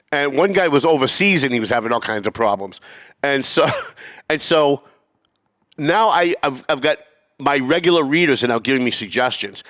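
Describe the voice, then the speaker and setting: Animated middle-aged man ranting. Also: medium pitch, normal speed. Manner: animated, swearing, rising to near-yelling. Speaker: podcast host. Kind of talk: casual storytelling rant.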